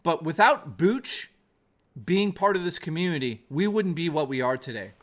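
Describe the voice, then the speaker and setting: A male streamer with a fairly high voice rants heatedly into his mic, swearing and circling back on his points. He reads and answers his viewers' messages between tirades. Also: animated, moderate pace, fairly bright tone. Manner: heated, profane, repetitive ranting. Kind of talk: angry live-stream rant and chat reading.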